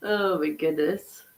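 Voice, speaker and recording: A woman's voice: fairly low pitch, rough recording. A woman hosting a casual livestream podcast, giggling as she reads corny jokes from the chat. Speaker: podcast host.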